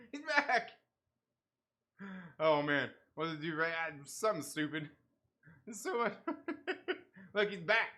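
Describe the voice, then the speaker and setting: Bright-voiced, laughing livestream host. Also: male voice, fairly high pitch, lively intonation, moderate pace, long pauses. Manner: laughs often, banters and reacts to chat. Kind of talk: casual livestream chat reading comments.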